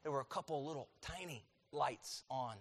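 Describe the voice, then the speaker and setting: A middle-aged male pastor preaching a sermon in a church, emphatic, repeating key phrases and swinging between loud and quiet. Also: mid-range voice, normal speed. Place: church sanctuary. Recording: long hall reverb.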